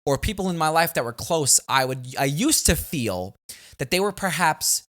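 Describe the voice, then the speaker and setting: A man hosting a casual talk show, his pitch swinging widely as he tells stories. He slips into the voices of friends and family to act out their reactions. The talk stays loose and conversational. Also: normal speed. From New York area. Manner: animated storytelling, acts out family members. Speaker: comedian and podcast host. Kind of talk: casual chat.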